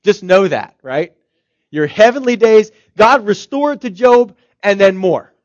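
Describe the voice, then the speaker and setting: A man's voice: high-pitched, lively intonation, unhurried, no echo. A man preaching a sermon as pastor, talking in a conversational way and firing off strings of rhetorical questions. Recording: slightly dull, dry recording.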